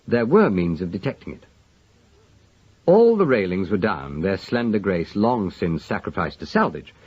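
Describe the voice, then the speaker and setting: A man narrating a mystery story in an expressive, measured way, with a husky voice, on a dull lo-fi recording. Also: on the low side, dry recording. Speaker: audiobook narrator.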